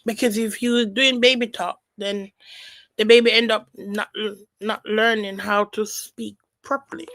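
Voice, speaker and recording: A woman's voice: medium pitch, steady tone, a little slow, fairly bright tone, dry recording, poor audio. A woman giving casual reaction commentary on a stream, chatting and reading out viewer comments.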